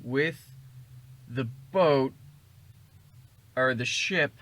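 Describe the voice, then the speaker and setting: A man's voice: medium pitch, very slow, a bit bright. A man casually recapping a film plot in a rambling, jokey way. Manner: rambling, jokey retelling with acted quotes.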